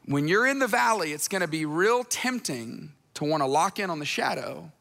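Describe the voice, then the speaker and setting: A man's voice: fairly high pitch, big pitch swings, moderate pace, gravelly, fairly bright tone, big-room sound. A man preaching a conversational sermon, earnest, repeating phrases for emphasis and adding storytelling asides. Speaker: pastor.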